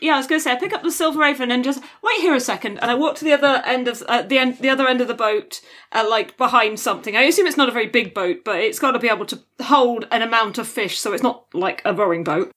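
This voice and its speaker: A woman playing a tabletop game, describing her character's actions with quick, stumbling restarts. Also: a little high, fairly bright tone. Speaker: player. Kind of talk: casual tabletop play.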